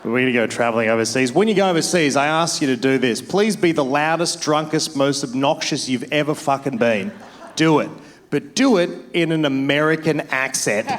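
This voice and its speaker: Profane Australian stand-up comedian. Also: male voice, fairly high pitch, moderate pace, a little hiss or hum. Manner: profane, storytelling. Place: comedy club stage.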